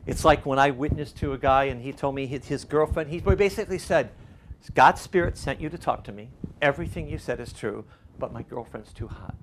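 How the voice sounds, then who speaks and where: Slightly higher in pitch, this older man preaches conversationally, with faint background noise behind him. As a pastor, he tells stories and gives lessons, building emphasis and voicing the people he quotes.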